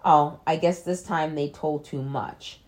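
A woman's voice: low voice, fairly even intonation, measured pace, a little mellow. Brief: a woman voicing a sly male villain, smug and insinuating.

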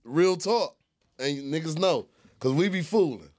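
Guy cohosting a podcast, loud and cussing, kinda high voice, keeps laughing. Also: expressive, a little slow. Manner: loud, profane, laughs often. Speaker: podcast co-host. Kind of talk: casual chat.

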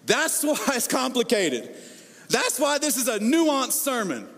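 A middle-aged man preaching a sermon as pastor, animated, acting out the voices he quotes and repeating words as he builds. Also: very high-pitched, measured pace. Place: church hall. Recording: long hall reverb.

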